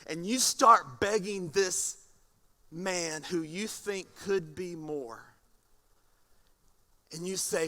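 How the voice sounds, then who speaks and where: A man preaching a sermon as pastor, animated and often repeating words. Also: high voice, very slow, pauses often.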